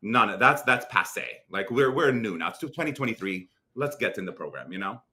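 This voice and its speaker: A young adult man from Lebanon with a Lebanese accent, talking as an interview guest in an animated, casual way with many restarts and fillers. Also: lowish voice, a little fast.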